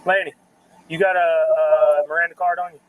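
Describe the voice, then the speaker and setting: Calm-questioning male police officer. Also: fairly high pitch, normal speed, slight background noise, low-quality recording. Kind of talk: bodycam questioning.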